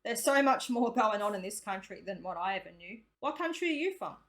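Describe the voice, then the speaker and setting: Picture a friendly Australian woman chatting through her reaction to a clip. She speaks at a middling pitch for a woman and talks casually, dropping in local slang as she goes. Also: very animated, a little fast, a bit bright. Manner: chatty, uses slang like mate and reckon. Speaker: reaction video host.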